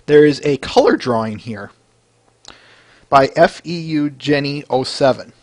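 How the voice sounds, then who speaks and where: Talking about fan art on his podcast, a man keeps it casual and enthusiastic, chatty with fillers and laughter. He speaks at a measured pace in a darkish tone, his pitch on the high side.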